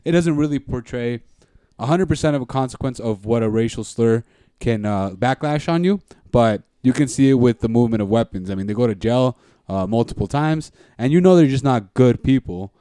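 A man's voice: medium pitch, lively intonation, brisk, dark tone, clear, resonant tone, no echo, clean studio sound. A man in casual podcast chat about TV shows, thoughtful and hesitant, summing up what the other speaker says.

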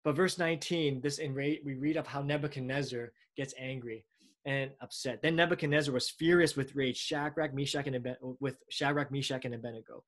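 A man preaching a sermon in a conversational way, often pausing and restarting. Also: medium pitch, fairly even intonation, fairly bright tone. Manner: conversational, with frequent fillers and restarts.

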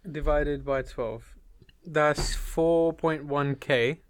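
A man's voice: fairly high pitch, drawn-out words, smooth. A young man from Britain co-hosting a podcast, joking crudely and swearing in casual banter. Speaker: podcast co-host.

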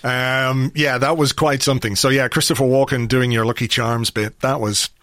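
A man's voice: mid-range voice, level tone, normal speed, a bit bright, no echo, studio quality. A man from Ireland, co-hosting a casual podcast chat, talking loosely and swearing now and then. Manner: chatty, swearing, self-interrupting. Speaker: podcast co-host.

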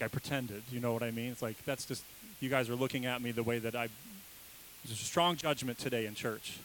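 A man's voice: medium pitch, a bit bright, a little hiss or hum, rough recording. A man, a father, preaching a sermon in a casual, joking, conversational way. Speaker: pastor.

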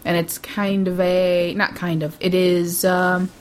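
A woman's voice: fairly low pitch, level tone, takes it slowly. A woman co-hosting a casual podcast, chatty and giggly, often trailing off mid-sentence. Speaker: podcast co-host. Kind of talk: casual chat.

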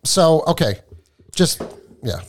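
A man's voice: a little high, big pitch swings, slow pace. A man in his fifties with a New England accent co-hosting a podcast, rambling casually and swearing now and then. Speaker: podcast co-host.

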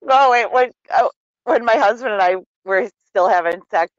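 A woman's voice: fairly high pitch, moderate pace, no echo, dull audio. Laughing, joking woman from Wisconsin. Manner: laughs often, joking, swears. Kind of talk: casual raunchy chat.

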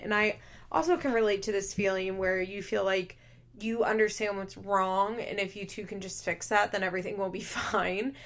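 A young woman hosts a casual podcast, talking through reality TV episodes in an easygoing voice. She is animated and chatty, fills her talk with "like", and laughs often. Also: medium pitch, moderate pace. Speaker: podcast host.

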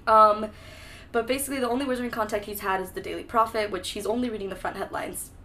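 A woman's voice: medium pitch, fairly even intonation, fast talker, sharp tone. A young woman co-hosting a casual book-discussion podcast, breezy and sarcastic, swearing freely as she recaps. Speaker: podcast co-host.

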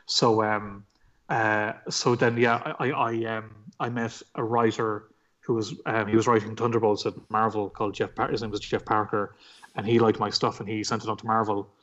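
A man's voice: lowish voice, flat delivery, normal speed, a bit bright, dull audio. An Irish man, a comic book artist, telling his story in a casual interview, rambling with lots of fillers and swearing. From Ireland.

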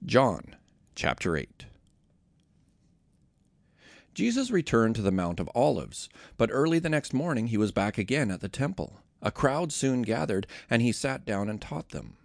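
Gravelly man reading scripture. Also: medium pitch, sing-song, a little slow, no room sound, studio quality. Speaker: scripture reader.

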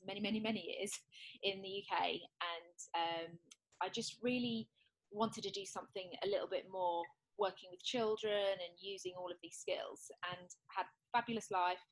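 A woman's voice: mid-range voice, moderate pace, low-quality recording. Middle-aged British woman, guest, medium voice, loose and hesitant speech. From United Kingdom. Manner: rambling, hesitant, informal. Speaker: interview guest. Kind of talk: casual interview chat.

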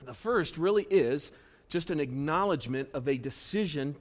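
A pastor preaching a sermon at a church service in a conversational way, his voice swinging between loud bursts and quiet, earnest asides. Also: a little high, animated, normal speed.

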